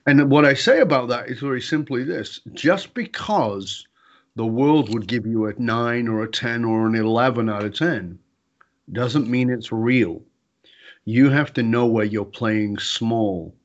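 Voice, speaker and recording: A man's voice: medium pitch, unhurried, muffled recording. A man telling a story in conversation as an interview guest, acting out quotes with big jumps in his voice.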